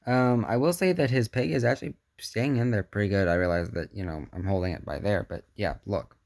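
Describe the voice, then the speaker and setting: A man's voice: lowish voice, brisk, a little mellow, no echo. A man giving a casual hands-on action figure review, chatty and muttering asides to himself as he handles the figure.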